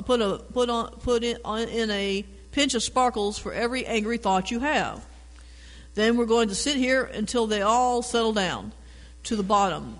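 A man reading a calm grandfather from a picture book who teaches meditation. He speaks quietly and patiently in a fairly high voice, with a long reverb around it.

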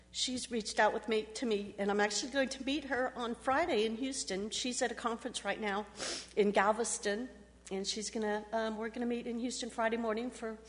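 Emotional woman, halting eulogy. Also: on the high side. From Texas. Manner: halting, with frequent ums and restarts. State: emotional, fighting back tears. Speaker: family member giving a eulogy. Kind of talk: memorial speech. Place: church. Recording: echoey church hall.

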